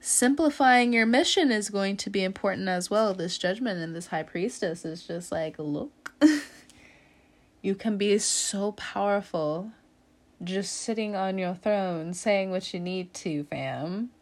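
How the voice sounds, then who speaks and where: A woman's voice: medium pitch, measured pace. A woman giving a casual tarot reading straight to her listener. She laughs often and calls the listener fam and homie. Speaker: tarot reader.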